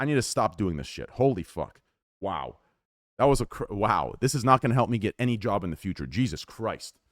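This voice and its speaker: A man's voice: fairly low pitch, no echo, studio quality. A man live streaming and ranting casually to his chat, rambling and swearing a lot as he jumps between topics and mocks himself.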